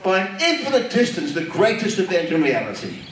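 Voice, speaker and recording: A man's voice: high-pitched, huge pitch swings, fairly quick, a bit bright, slight background noise. A man preaching a sermon, with an emphatic, repetitive cadence. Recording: echoey hall, distant mic.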